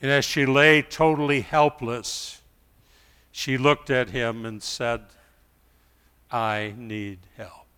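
A middle-aged male pastor preaching a sermon, telling stories quietly and then rising to loud pleas. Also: mid-range voice, takes it slowly, clear, resonant tone, big-room sound.

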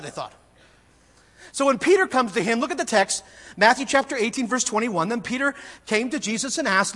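A male pastor preaching a sermon, earnestly swinging between emphatic bursts and quiet, intense asides. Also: extremely high pitch, very animated, moderate pace. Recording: long reverb of a large church hall.

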